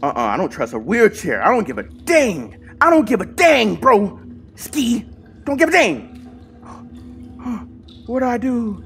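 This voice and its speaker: Jumpy young horror gamer, lively voice. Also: mid-range voice, measured pace, slight background noise. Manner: talks to self, mutters then yells in panic, swears. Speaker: gaming channel host. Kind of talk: horror gameplay commentary.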